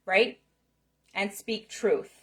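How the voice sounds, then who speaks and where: Her medium-pitched, fairly bright voice moves extremely slowly as this middle-aged woman gives a motivational talk to camera. A spiritual self-help speaker, she is emphatic, passionate and repetitive, often checking in with "okay?" and "right?".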